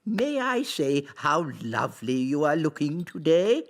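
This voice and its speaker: A man's voice: on the high side, sing-song, a little slow. An actor playing a mischievous wise old male elf who chuckles and teases in a cartoon. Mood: teasing. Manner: chuckling, teasing.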